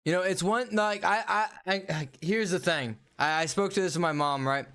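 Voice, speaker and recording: A man's voice: high voice, moderate pace, bright, forceful tone, smooth. A man livestreaming a game and chatting casually, ranting bluntly in slang. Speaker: gaming livestreamer. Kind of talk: casual livestream chat while playing.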